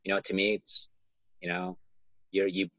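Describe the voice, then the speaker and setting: A man's voice: deep voice, monotone, moderate pace, fairly bright tone, no echo, highs cut off. A man co-hosting a casual podcast, rambling and padding his talk with "you know.". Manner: rambling, heavy "you know" filler, laughs often. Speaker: podcast co-host.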